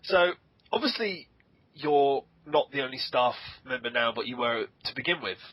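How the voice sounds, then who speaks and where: A man's voice: medium pitch, lively intonation, normal speed, no echo, dull audio. A man hosting a podcast, asking his guests questions in a jokey, casual way. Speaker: podcast host. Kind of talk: interviewing, casual.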